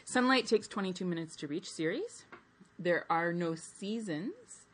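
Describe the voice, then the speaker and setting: A woman's voice: on the low side, animated, unhurried, a bit bright, slight background noise. A woman co-hosting a casual podcast, chatting and laughing while she reads out science facts. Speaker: podcast co-host. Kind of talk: casual chat reading out facts.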